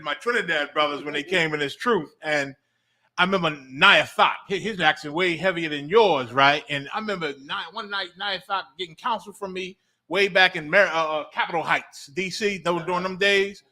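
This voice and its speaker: A man with a high, bright voice tells an animated story in a casual panel talk. His delivery is lively and conversational. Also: a little fast. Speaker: panel guest.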